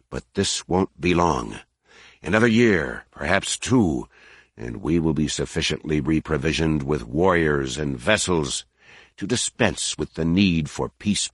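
A man's voice: extremely low pitch, no echo, clean studio sound, exaggerated voice. A man reading an audiobook, voicing a tired, towering alien commander who lectures sternly. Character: weary towering male alien war commander.

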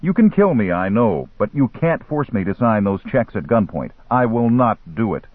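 A cornered man, voiced by a male audiobook reader, tense and shaky yet defiant. The voice is husky and swings widely in pitch. It sounds dry and narrow, like it is coming down a phone line. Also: big pitch swings, normal speed, dry recording. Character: frightened, angry American man in danger.

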